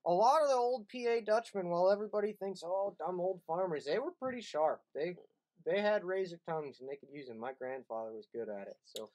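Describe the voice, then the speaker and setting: Joking male host, slightly high voice. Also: expressive, brisk, a little mellow, low-quality recording. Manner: joking, reads listener letters aloud. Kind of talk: casual comedic banter.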